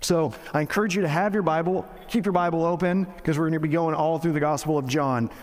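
This pastor's voice is a little high and steady in tone, moving fast through a large hall. His sermon is conversational and full of jokes, with frequent restarts mid-sentence.

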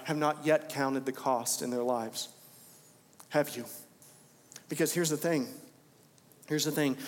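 A young man preaching from the platform with fervent conviction, driving his points home by repeating them. His voice sits a little high for a man. It rings out with the long, lingering reverb of a church sanctuary. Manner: impassioned, repeating phrases for emphasis. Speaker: pastor. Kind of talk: sermon.

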